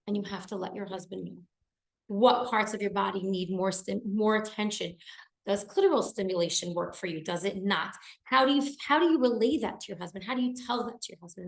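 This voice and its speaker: A woman's voice: on the high side, fairly bright tone, echoey room, rough recording. A woman teaching a class in an earnest, emphatic lecture style, often repeating key words for stress.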